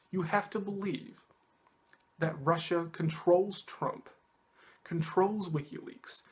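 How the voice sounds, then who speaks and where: Heated sarcastic man ranting, slightly high voice. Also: darkish tone. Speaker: political commentary vlogger. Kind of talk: ranting monologue.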